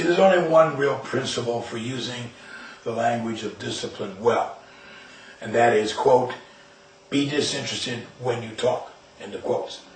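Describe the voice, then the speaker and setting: An older man giving a talk on discipline, telling a personal story in an emphatic, anecdotal way. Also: mid-range voice. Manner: anecdotal, emphatic, acts out quoted lines. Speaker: speaker on discipline and verbal judo. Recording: far from mic in a roomy space with faint noise.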